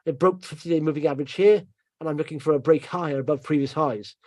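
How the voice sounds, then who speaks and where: Man, middle-aged, casual market commentary, rambling, slightly high voice, dry close recording. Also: fast, no echo. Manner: chatty, rambling, laughs to himself, trails off quietly.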